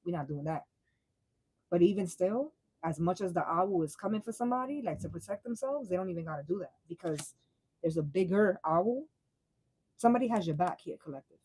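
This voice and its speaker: Young woman, tarot reader on a live stream; mellow, slangy, swears freely, dry close sound. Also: on the low side, lively intonation, fairly quick, husky, no echo, rough recording. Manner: blunt, profane, slangy and laughing. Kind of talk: casual live tarot reading.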